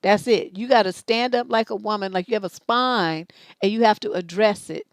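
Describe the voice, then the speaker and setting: A woman's voice: mid-range voice, moderate pace, dry recording. A middle-aged woman hosting a live relationship advice stream, blunt, profane and scolding, acting out both sides of conversations. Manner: acts out both sides of dialogues.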